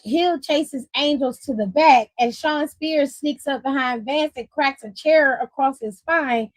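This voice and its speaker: A woman's voice: sits high, no echo, rough recording. A woman hosting a casual wrestling recap, blunt and profane, breaking into laughter and side comments.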